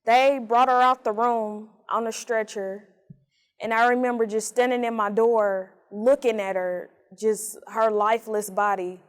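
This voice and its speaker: Woman with a smooth, higher voice. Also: fairly even intonation. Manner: plain, unhurried storytelling with casual fillers. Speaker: incarcerated woman telling her story. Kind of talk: personal testimony.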